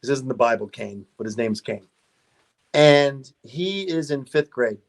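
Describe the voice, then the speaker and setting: A middle-aged man chatting as a guest on a car podcast, voice sitting at an ordinary pitch. He tells his stories loosely, laughing often and tripping over restarts as he goes. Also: measured pace. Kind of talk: casual interview storytelling.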